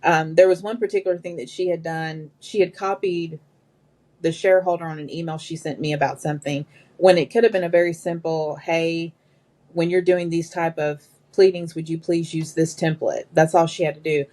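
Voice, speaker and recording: Woman, lowish voice, casual storytelling, acts out quotes. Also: moderate pace. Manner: animated, quotes people in their own voices. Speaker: guest. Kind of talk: conversational storytelling.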